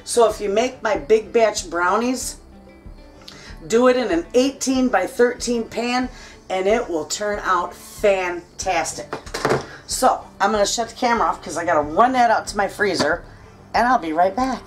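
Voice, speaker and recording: A woman's voice: medium pitch, measured pace, distant mic, faint music behind. Chatty folksy woman, a little off-mic. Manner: folksy, chatty, talks straight to viewers as friends. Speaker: cooking vlogger. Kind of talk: casual kitchen chat while cooking. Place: home kitchen.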